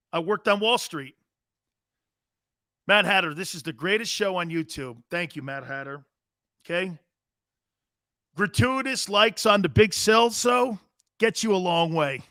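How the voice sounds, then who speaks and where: A man's voice: sits high, sharp tone, no echo, studio quality. A brash, boastful middle-aged man hosting a sports talk show, chatting casually and reading out viewer comments. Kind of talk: casual live-stream talk, reading chat.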